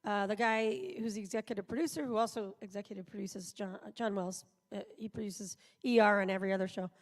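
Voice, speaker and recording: Chatty woman, gravelly voice, echoing auditorium. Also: mid-range voice, quick pace. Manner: chatty, rambling anecdotes with quoted voices. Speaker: voice actor guest. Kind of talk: live panel interview. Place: large convention auditorium. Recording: live hall sound, long reverb.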